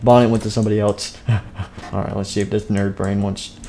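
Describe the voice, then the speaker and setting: A man's voice: on the low side, little pitch movement, fairly quick, mellow, slight background noise. A man streaming and narrating a game role-play, playful and rambling, often laughing.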